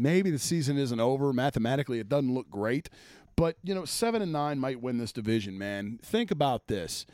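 A man's voice: mid-range voice, a little mellow, dry recording, studio quality. A man ranting about sports as a host, blunt and exasperated, swearing freely. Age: adult, former offensive lineman. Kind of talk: profane sports rant.

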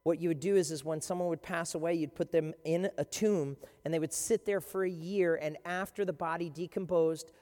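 With a mid-range voice, a pastor preaches an animated, emphatic sermon, retelling scenes with punchy emphasis. A long hall reverb reveals a large church space.

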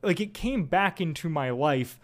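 Male guest on a chat podcast, somewhat high voice, deadpan, halting delivery.

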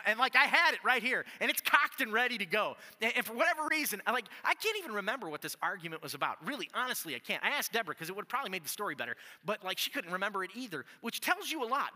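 A man with a high, very bright and sharp voice delivers a conversational sermon. He tells stories in an animated, chatty way, dotting his talk with "like". His voice rings through a church with a long reverb. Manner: animated, chatty, frequent "like" fillers. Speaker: pastor. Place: church sanctuary.

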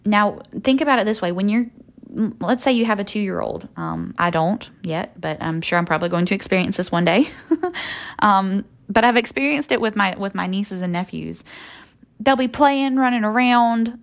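A woman's voice: medium pitch, expressive, normal speed, creaky. A young woman speaking earnestly and folksily as the host of a faith podcast. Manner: earnest, folksy, with soft laughs.

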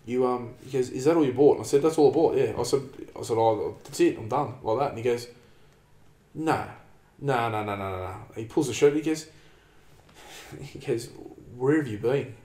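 A man with an Australian accent spins a rambling, sweary story in loose conversation, filling his talk with "man" and "like". His voice sits at an ordinary pitch. The recording has a noticeable roomy echo. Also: moderate pace, warm tone. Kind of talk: casual storytelling chat.

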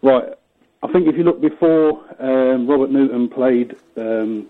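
A man on the phone to a radio show, easygoing and matey with hesitant pauses. His mid-pitched voice is narrowed by the phone line. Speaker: radio caller. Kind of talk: casual chat.

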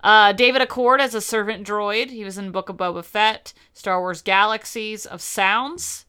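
A woman co-hosting an easygoing podcast chats, reads through a cast list, and bursts into silly voices from time to time. Her medium-pitched voice is steady, moderately paced, and pushed and bright, with a clear, resonant quality.

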